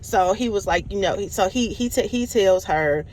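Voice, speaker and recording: A woman talks through a TV episode in a loose, rambling recap, restarting her sentences and slipping into the characters' lines as she goes. Her voice sits at an ordinary pitch. A faint hum of background noise runs under her. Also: normal speed, darkish tone. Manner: rambling, many restarts and fillers, acts out quotes. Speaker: TV show reviewer.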